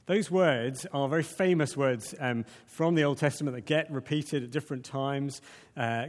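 A man preaching a sermon in a conversational, animated way, with many restarts. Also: fairly high pitch, normal speed. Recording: long reverb of a large hall.

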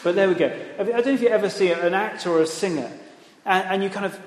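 A man preaching a sermon in a church, animated, with conversational asides and rising emphasis. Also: high-pitched, fast. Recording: echoey hall, long reverb.

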